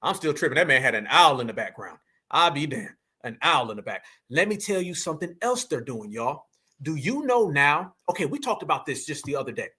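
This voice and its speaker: A man's voice: a little high, a little fast. A man hosting a fiery commentary monologue, emphatic and preachy, calling his viewers fam. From New York. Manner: emphatic, preachy, animated, addresses audience as fam. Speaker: political commentary host.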